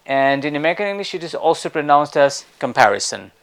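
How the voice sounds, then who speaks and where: A man teaching English pronunciation in a spoken lesson, breaking words into slow syllables and having listeners repeat after him. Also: a little high, lively intonation. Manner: slow syllable-by-syllable drilling, louder on sounds.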